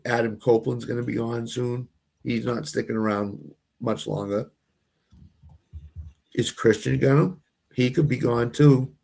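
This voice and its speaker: A man's voice: medium pitch, steady tone, a little slow, vocal fry, long pauses, a little mellow. A man with a Boston accent, co-hosting a casual sports watch-along, opinionated and often restarting his sentences. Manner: opinionated, repeats and restarts phrases. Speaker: co-host.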